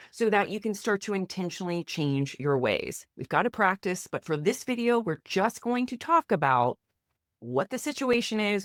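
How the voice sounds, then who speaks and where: A woman gives a faith-based lesson to camera, speaking as a therapist and coach. Her pitch moves a lot, rising and dipping as she stresses points, and she talks in a direct, encouraging, plain-spoken way. The sound is close and dry, with hardly any room around it. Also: no room sound.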